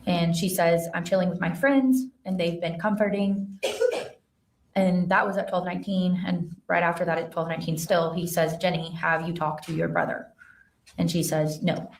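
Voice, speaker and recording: A woman witness testifies in a courtroom, her voice set somewhat low and heard from a distance. She reads out messages in a careful, matter-of-fact way, pausing on the odd filler, while the room adds a roomy echo around her. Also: steady tone. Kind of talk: courtroom testimony, reading texts aloud. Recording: echoey courtroom sound from far off the mic.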